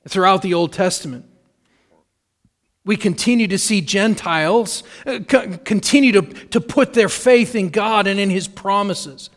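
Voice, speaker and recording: A middle-aged man preaching a sermon in an earnest, measured way, repeating key phrases for emphasis. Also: sits high. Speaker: pastor.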